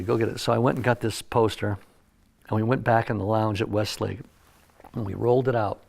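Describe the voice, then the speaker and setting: Gravelly older man telling studio stories. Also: lowish voice, fairly quick. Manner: animated anecdote-teller, acts out quotes. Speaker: music producer telling stories. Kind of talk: casual interview storytelling. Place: recording studio.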